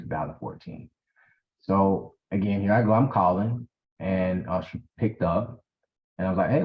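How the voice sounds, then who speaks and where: Animated man telling a story. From South Carolina. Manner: animated, emphatic, acts out dialogue with big pitch swings. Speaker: guest. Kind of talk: personal storytelling. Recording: dull lo-fi audio.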